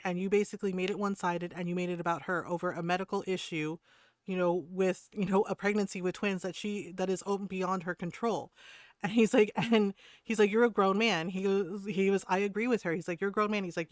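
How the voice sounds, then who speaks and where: Brief: woman streamer, casual animated chatter, profane, crisp, dry close-mic sound. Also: mid-range voice, no echo. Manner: animated retelling, profane, laughs often. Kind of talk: casual chat.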